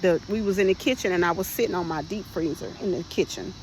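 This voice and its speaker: A woman's voice: fairly low pitch, quick pace, a little mellow, a little hiss or hum, poor audio. A woman hosting a podcast and telling her personal testimony in a conversational way, often speaking to listeners as "y'all" and restarting her sentences.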